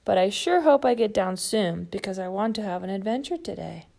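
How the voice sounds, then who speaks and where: A woman with a mid-range, creaky yet mellow voice plays a cheerful, childlike giant bird in a storybook reading. She speaks fairly quickly with lively intonation, sounding eager, full of wonder, and at times plaintive.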